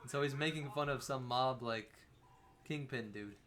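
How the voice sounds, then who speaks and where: A man's voice: medium pitch, normal speed, slight background noise. A young man co-hosting a game livestream, chatting loosely and swearing freely as he plays. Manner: loose, animated, swears freely, laughs often. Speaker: livestream co-host. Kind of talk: casual chat while playing a video game.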